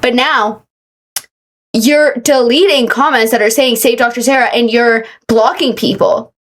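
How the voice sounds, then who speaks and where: Woman commentator, a bit high-pitched, sweary, exasperated rants. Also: fairly even intonation, measured pace. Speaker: commentary YouTuber. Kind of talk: casual reaction commentary.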